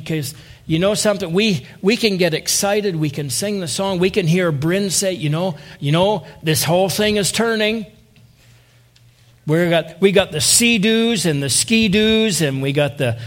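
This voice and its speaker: A man's voice: high voice, fairly bright tone. A man preaching a sermon to his congregation, earnest and rising to impassioned appeals, calling on listeners directly. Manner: addresses listeners as saints and by name.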